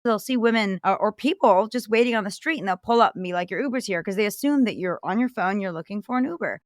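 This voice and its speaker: A woman's voice: mid-range voice, lively intonation, quick pace, no echo, clean studio sound. A woman giving travel safety advice in a conversational, earnest way, telling stories with animation. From Florida-based.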